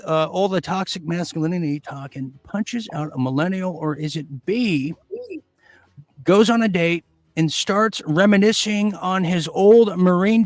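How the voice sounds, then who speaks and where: A man's voice: high-pitched, no room sound. Hammy male quiz show host. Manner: hammy, deadpan joking with filler-heavy pauses. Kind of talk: mock quiz show hosting.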